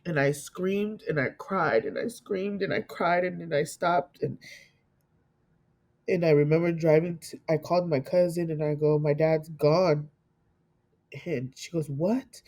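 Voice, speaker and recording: A middle-aged woman from California telling a painful personal story in an interview, emotional and halting, often repeating herself and acting out what others said. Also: low-pitched, steady tone, darkish tone. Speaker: guest telling her story.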